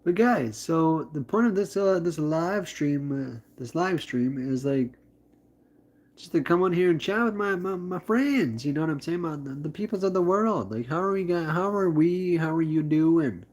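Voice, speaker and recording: A man's voice: fairly high pitch, animated, moderate pace. A man chatting on a live stream in a rambling, upbeat way, full of fillers and restarts. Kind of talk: casual live-stream chat.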